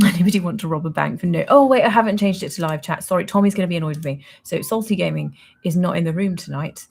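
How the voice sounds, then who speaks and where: A woman's voice: on the low side, fast, creaky, darkish tone. A young woman hosting a casual livestream, chatting in a rambling, self-mocking way and laughing often. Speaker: livestream host.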